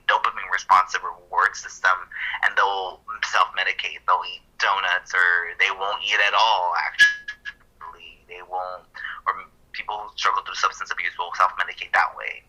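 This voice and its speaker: A man on a casual podcast, walking through counseling concepts and pausing to correct himself as he goes. His voice sits fairly low, with a very tense, bright edge and a husky grain. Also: little pitch movement, rough recording. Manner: thoughtful, talks through ideas with fillers and self-corrections. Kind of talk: casual explanatory podcast talk.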